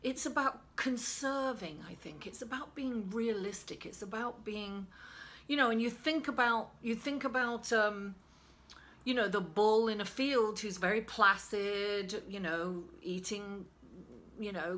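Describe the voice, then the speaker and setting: Raspy sick-sounding woman chatting thru a tarot reading, lots of you knows, calls everyone darling. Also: medium pitch, unhurried, fairly bright tone. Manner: chatty, calls listeners darling and guys, many fillers. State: hoarse from illness. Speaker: tarot reader. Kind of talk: casual tarot reading monologue.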